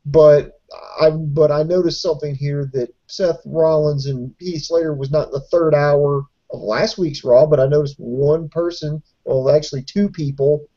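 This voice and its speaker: A man's voice: fairly high pitch, warm tone, dull audio. A man co-hosting a podcast, reviewing wrestling ratings in a dry, pointed way with sardonic hints. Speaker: podcast co-host.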